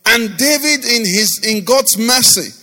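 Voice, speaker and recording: A man's voice: very high-pitched, animated, measured pace, sharp tone, big-room sound. A male pastor preaching and leading prayer, with rhythmic repetition and rising fervent declarations. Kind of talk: sermon with prayer over music.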